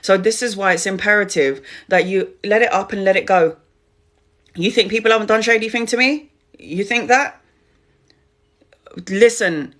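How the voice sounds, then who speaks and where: A woman's voice: mid-range voice, moderate pace, long pauses, a bit bright. A middle-aged woman, a tarot reader, giving a spiritual talk on a live stream, speaking straight to her viewers with emphatic repetition.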